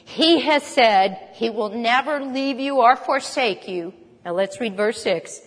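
A woman delivering a sermon with a somewhat high voice. She speaks with emphasis, poses rhetorical questions and repeats phrases for stress. Her voice rings with the long reverb of a hall. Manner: emphatic, rhetorical questions, rapid mock chanting. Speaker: preacher.

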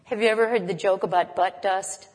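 A woman's voice: mid-range voice, fairly even intonation, fairly quick, darkish tone. Woman preaching in a reverberant hall. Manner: conversational, emphatic, asks the listeners questions. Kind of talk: sermon. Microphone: camera.

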